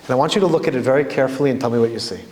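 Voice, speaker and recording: A man's voice: mid-range voice, rapid-fire, darkish tone, slight background noise, lightly acted. A man playing a grave, emotional king who presses his questions earnestly. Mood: solemn. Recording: echoey hall with faint ambience.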